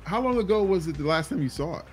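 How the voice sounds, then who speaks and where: A man's voice: a little high, fast, music in the background. A man co-hosting a casual movie podcast who exclaims and swears as he reacts. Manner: animated, profane, exclaiming. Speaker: podcast co-host.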